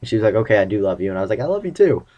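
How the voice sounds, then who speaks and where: A man's voice: on the low side, sing-song, racing, dark tone, muffled recording. A teenage boy vlogging casually about his relationship, rambling and acting out the lines of the conversations he retells. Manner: rambling, acts out quoted dialogue. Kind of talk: casual personal vlog.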